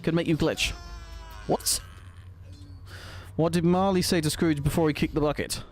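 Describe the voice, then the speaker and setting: A man's voice: on the high side, steady tone, moderate pace, slight background noise. A man streaming a shooter game, commentating and chatting with viewers, exclaiming at the action and laughing often.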